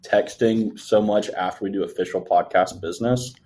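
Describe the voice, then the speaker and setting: A man's voice: lowish voice, normal speed, a little mellow. A man co-hosting a casual comedic podcast, teasing and sarcastic. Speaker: podcast co-host.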